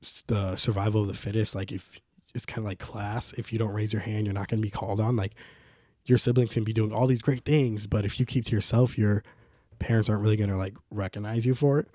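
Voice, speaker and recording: A young man hosting a podcast, telling rambling, casual stories and jumping up in pitch when he quotes others. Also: steady tone, quick pace, dark tone, no room sound, studio quality. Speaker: podcast host. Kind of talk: casual storytelling monologue.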